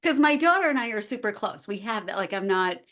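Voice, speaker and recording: Woman, forties, podcast guest, casual conversational storytelling, mid-pitched voice. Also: quick pace. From United States. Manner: animated, acts out quoted dialogue. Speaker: podcast guest, life coach.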